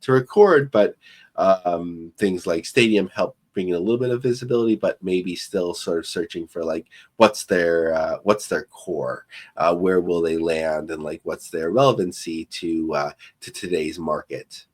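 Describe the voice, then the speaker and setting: Low-pitched male co-host, loose and meandering, thinks out loud. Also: measured pace. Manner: rambling, filler-heavy and thinking aloud. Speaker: podcast co-host. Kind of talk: casual podcast commentary.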